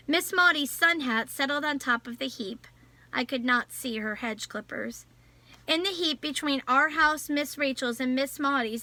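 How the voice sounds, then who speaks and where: A woman reading a novel aloud in a measured storytelling voice. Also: sits high, pushed and bright, dry recording. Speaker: audiobook narrator. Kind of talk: scripted novel narration.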